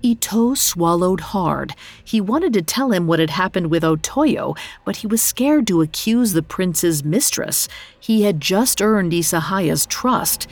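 A woman narrating a story in a steady, measured reading voice. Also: fairly low pitch, dry recording.

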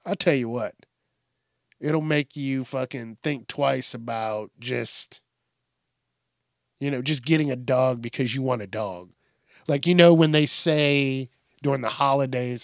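Podcast host, man, profane casual rant, unhurried delivery, dry close sound. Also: medium pitch, vocal fry, dry recording. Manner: profane, rambling, acts out bits in shouted voices.

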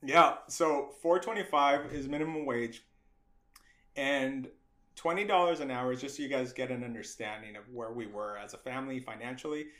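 A man's voice: medium pitch, normal speed, fairly bright tone, reverberant. A middle-aged man from the United States, a guest animator on a podcast, telling a story with acted-out voices, frequent laughs and casual swearing.

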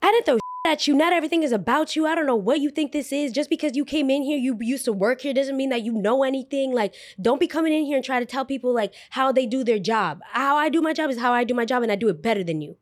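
A woman's voice: high-pitched, quick pace, few pauses, voice pushed up, close to an everyday voice. A woman mimicking a snippy, defensive young female coworker in a haughty, dismissive manner.

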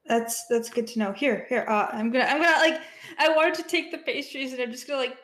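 A woman's voice: high voice, brisk, a bit bright, echoey room, poor audio. Hesitant woman playing a tabletop game. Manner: hesitant, laughing, lots of fillers and restarts. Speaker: player. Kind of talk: tabletop role-play.

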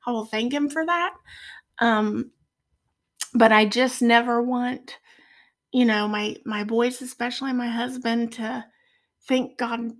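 A middle-aged woman speaking as a podcast guest in a heartfelt faith conversation, earnest and soft-spoken. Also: on the high side, fairly even intonation, slow pace, long pauses.

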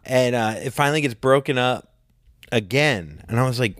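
Man in his forties, mid-pitched voice, dry close mic, lively storyteller, casual podcast chat, acts out quotes. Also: moderate pace, no room sound. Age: 40s. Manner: animated storyteller who acts out quotes in a raised voice. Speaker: podcast co-host.

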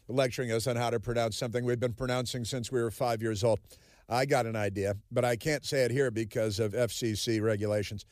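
A man's voice: mid-range voice, normal speed, no echo, studio quality, faint music behind. A man hosting a political talk radio show, sarcastic and combative. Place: radio studio. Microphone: studio microphone.

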